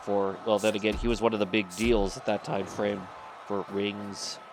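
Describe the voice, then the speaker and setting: A man's voice: on the low side, little pitch movement, normal speed, noisy background. A man chatting casually as co-commentator over a simulated wrestling game, rambling through wrestling trivia. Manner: rambling, laid-back, full of wrestling trivia.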